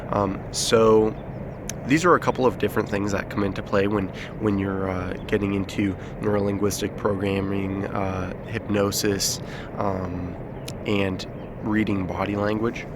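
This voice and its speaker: A man's voice: on the low side, flat delivery, a little slow, background noise. A man giving an unscripted self-help lesson outdoors, talking loosely with many fillers and restarts, recorded on a phone. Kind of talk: unscripted outdoor explainer video. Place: outdoors in nature. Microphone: phone held by the speaker.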